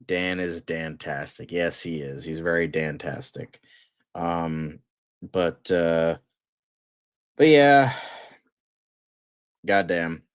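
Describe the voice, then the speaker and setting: A man with a fairly low voice hosts a loose news livestream, chatting excitedly and swearing often. He rambles with plenty of fillers, and his voice sounds dry and close, with no room echo. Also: drawn-out words, pauses often, clean tone. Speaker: host of a fan news livestream. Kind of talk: casual livestream news chat.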